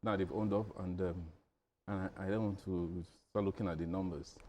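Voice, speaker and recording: A man speaking as a guest on a news panel, measured at first and then building to pointed questions. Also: low voice, steady tone, darkish tone, slight background noise. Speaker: studio guest commentator.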